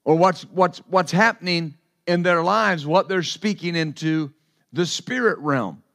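Male pastor, high voice, emphatic repetitive preaching, sermon. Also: unhurried, creaky, fairly bright tone. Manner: repetitive, emphatic preaching with call-and-response asides.

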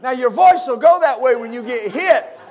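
A middle-aged pastor from West Texas, preaching a fervent sermon full of amens and hallelujahs. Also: male voice, very high-pitched, lively intonation, moderate pace, darkish tone.

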